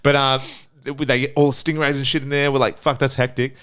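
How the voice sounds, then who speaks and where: A young man with an Australian accent tells a holiday story in casual podcast chat. He swears freely and talks in an animated, rambling way. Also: mid-range voice, a little fast, clean tone. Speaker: podcast panelist.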